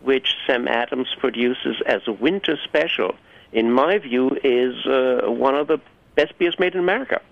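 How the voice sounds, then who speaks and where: Measured male guest on dull phone line. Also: mid-range voice, vocal fry. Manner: measured, opinionated, thoughtful. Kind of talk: casual radio discussion.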